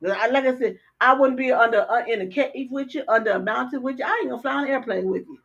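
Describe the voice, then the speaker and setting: An older woman co-hosting a casual talk show, blunt and animated, often stammering and repeating words. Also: on the high side, fast. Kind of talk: casual political chat. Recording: dull lo-fi stream audio.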